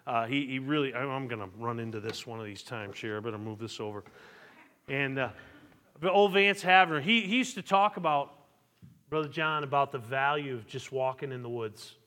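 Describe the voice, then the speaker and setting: A man's voice: mid-range voice, moderate pace, sharp tone. A male pastor preaching a sermon, asking the congregation questions and repeating his words. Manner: preaching with rising fervor and call-and-response questions; repeats words, stammering restarts. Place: church sanctuary. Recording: long church reverb.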